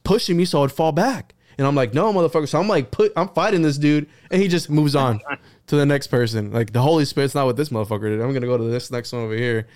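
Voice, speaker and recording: A man talking casually on a podcast, rambling through stories with plenty of swearing and animated bursts. His voice sits at an ordinary middle pitch, recorded close and dry with no room sound. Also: fast talker, no room sound. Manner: profane, rambling, animated storytelling. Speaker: podcast guest.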